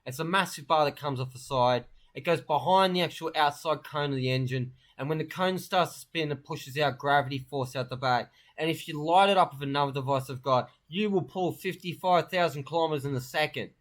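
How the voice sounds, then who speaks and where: A man's voice: a little high, fairly bright tone. Brash rambling man. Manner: brash, crude, rambling, fast-talking boasts. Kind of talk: rambling comic monologue.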